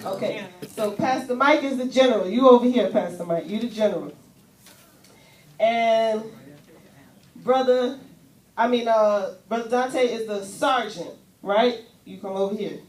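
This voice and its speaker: A woman's voice: fairly high pitch, a little slow, recorded from a distance. Woman preaching in an echoey church. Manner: animated, conversational preaching with casual asides. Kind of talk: sermon with volunteers on stage. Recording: echoey church room, voice from afar.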